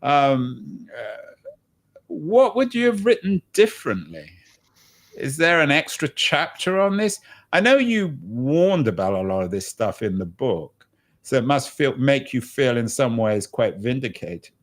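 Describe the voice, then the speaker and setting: Male interview host, wry and joking, mid-pitched, halting restarts. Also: sing-song. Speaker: podcast host. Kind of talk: conversational interview.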